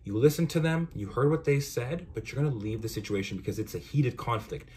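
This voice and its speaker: A young man hosting a podcast, talking through course ideas in a relaxed, conversational way with frequent asides. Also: mid-range voice, brisk, a little hiss or hum. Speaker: podcast host. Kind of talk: casual explainer monologue.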